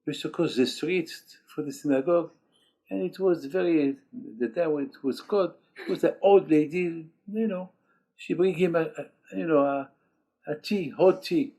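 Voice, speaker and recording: An older male rabbi delivering a sermon with a husky, slightly raised voice. He presses each point by repeating it in halting second-language English, dropping Hebrew words throughout. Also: on the high side, warm tone. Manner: emphatic, repeats key phrases, sprinkled with Hebrew terms; speaks English as a second language, broken grammar.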